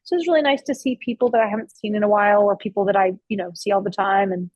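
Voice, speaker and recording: Speaking at a racing pace with fairly even intonation, a woman of medium pitch and darkish tone tells stories in a casual interview at her own barbecue restaurant, where she also cooks. She's chatty, restarting often, using fillers, and swearing casually here and there. There's no echo, but the recording is low-quality.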